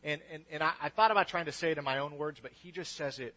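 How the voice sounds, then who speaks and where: Young male pastor, casual sermon, higher voice, dull lo-fi recording. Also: quick pace, pushed and bright. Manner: casual and enthusiastic, with many restarts.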